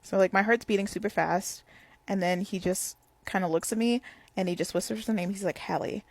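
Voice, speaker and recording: Gravelly young woman telling a story. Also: mid-range voice, steady tone, fairly quick, no room sound. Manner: rambling, full of "like" fillers. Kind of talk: casual storytime.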